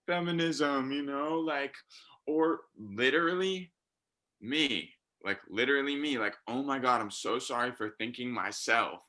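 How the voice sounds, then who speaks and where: A man's voice: mid-range voice, sharp tone. A man who is a rapper, talking as a podcast guest in a rambling way with heavy swearing and fillers. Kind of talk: casual podcast chat.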